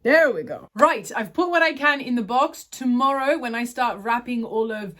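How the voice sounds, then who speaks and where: A woman's voice: fairly high pitch, lively intonation, normal speed, fairly bright tone. A woman chatting casually to her phone camera at home, rambling and correcting herself as she goes. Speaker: vlogger. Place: at home, indoors.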